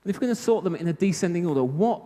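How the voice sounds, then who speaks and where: British guy doing a conference talk, fairly high voice, jokey and self-deprecating. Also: animated, rapid-fire, dark tone. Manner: chatty, self-mocking humor. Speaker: conference speaker. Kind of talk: live technical presentation. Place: conference hall. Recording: reverberant hall.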